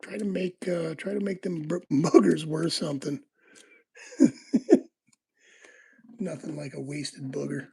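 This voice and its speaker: A man hosting a laid-back livestream, talking to his viewers while he works on a lock. His voice is gravelly and quite husky, and he rambles through stories with plenty of ums and likes. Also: a little high, fairly even intonation, measured pace, long pauses, warm tone. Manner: rambling, laid-back storytelling with frequent fillers. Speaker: livestream host. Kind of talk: casual livestream chat while lockpicking.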